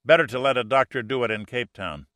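A man reading a gruff, blunt rescuer's lines in an audiobook. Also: medium pitch, fast, a bit bright, no echo, close to an everyday voice. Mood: brisk.

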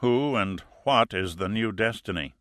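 A man voicing a calm, dry-witted male hero, speaking in a measured, softly firm way. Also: lowish voice, dry recording.

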